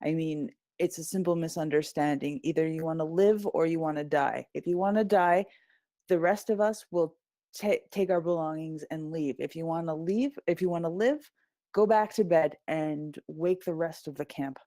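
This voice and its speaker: A woman's voice: deep voice, normal speed, warm tone, no echo, studio quality, lightly acted. A woman voicing a defiant, armored woman adventurer who speaks firmly.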